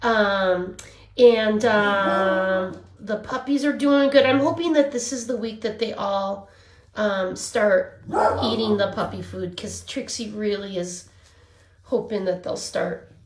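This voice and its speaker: A woman's voice: medium pitch, takes it slowly. Cooing woman in an echoey room. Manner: cooing baby talk to the dogs. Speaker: dog rescue volunteer. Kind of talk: casual vlog filming puppies. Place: indoor room with dogs. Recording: echoey room, faint background noise.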